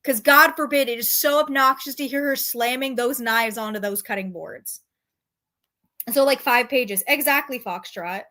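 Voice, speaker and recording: A woman's voice: fairly high pitch, moderate pace, bright, forceful tone. A woman streamer reacting to her chat in casual commentary, sarcastic and profane.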